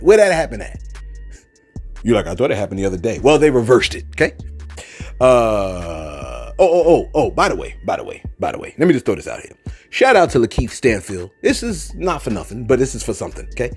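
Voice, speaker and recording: A man giving casual reaction commentary, animated and repetitive, often circling back with "look" and "you know what I'm saying". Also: a little high, breathy edge.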